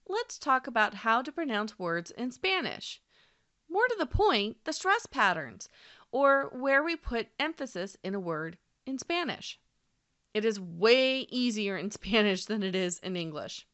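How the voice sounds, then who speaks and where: A woman narrates a scripted language lesson with a bright, ringing tone. Her pitch rises and falls in a lively way. She speaks clearly and deliberately and slows down on example words. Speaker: language teacher.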